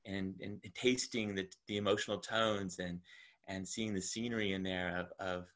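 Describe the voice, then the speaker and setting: Lower-voiced guy cohosting on a video call, soft and halting, keeps restarting. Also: steady tone. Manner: soft, halting, with many repeated words. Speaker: co-host and facilitator. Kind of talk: reflective conversation on a video call.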